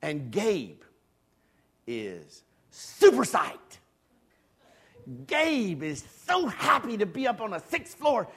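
Guy preaching, tells a funny story on himself, kinda high voice, goes quiet then loud. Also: slow pace, pauses often, breathy edge. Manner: animated, swings from hushed asides to loud excited bursts; self-deprecating humor. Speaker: pastor. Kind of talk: storytelling sermon.

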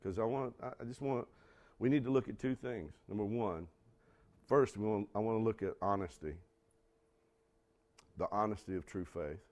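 A man preaching a sermon, acting out dialogue and putting questions to the congregation, swinging from loud outbursts to quiet asides. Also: lowish voice. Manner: acts out quoted dialogue, asks the congregation questions. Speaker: pastor.

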